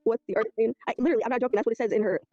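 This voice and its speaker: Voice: mid-range voice, very fast, warm tone, dry recording, lo-fi sound. A video creator rambling through a dispute, reading old messages aloud. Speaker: video creator telling a story. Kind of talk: casual storytelling recap.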